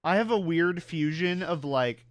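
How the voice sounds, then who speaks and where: A man's voice: fairly high pitch, unhurried, no room sound. A man with a mixed Southern US and New York accent, giving casual, swearing, laughter-filled commentary while playing a game. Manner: animated, profane, laughs often. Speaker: streamer.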